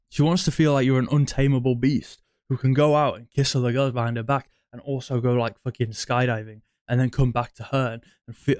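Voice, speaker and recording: A man's voice: mid-range voice, a little mellow, no room sound, studio quality. A young man giving dating advice in a blunt, crude, rambling monologue that circles back on itself.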